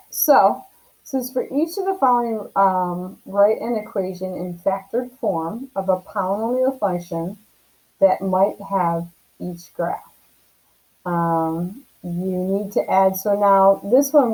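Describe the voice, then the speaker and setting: A woman's voice: medium pitch, mellow, rough recording. A woman teaching a math lesson on video from home, explaining casually and often checking in with "right?".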